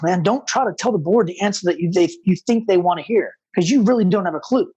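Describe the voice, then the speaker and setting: Guy rambling thru a story on a podcast, animated, lots of likes and man. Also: high voice, quick pace, slightly rough, low-quality recording. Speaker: podcast guest, combat rescue officer.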